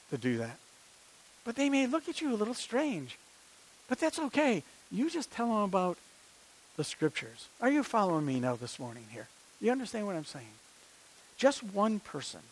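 A man's voice: a little high, poor audio. An older man, preaching a sermon in a conversational style with many rhetorical questions and personal stories.

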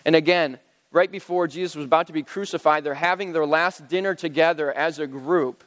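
Guy preaching a sermon, kinda high voice, laid-back chatty delivery, big echoey hall. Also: brisk. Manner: relaxed conversational retelling with fillers. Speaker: pastor.

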